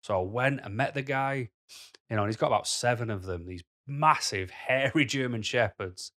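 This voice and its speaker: A man's voice: mid-range voice, moderate pace, sharp tone. A man talking to camera in a blunt, rambling way, full of "you know" fillers. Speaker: vlogger. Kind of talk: casual monologue to camera.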